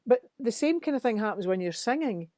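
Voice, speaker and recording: A middle-aged Scottish woman tells lively studio stories in a casual chat, acting out what people said. Her voice sits a little high, and the sound is dry and close. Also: brisk, dry recording. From Scotland. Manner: animated storytelling, acts out quotes. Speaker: musician guest.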